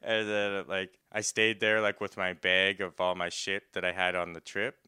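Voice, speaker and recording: A man's voice: sits low, flat delivery, pushed and bright, smooth, dry recording, studio quality. Rambling young man. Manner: rambling, fills every pause with "like", laughs often. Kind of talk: casual storytelling chat.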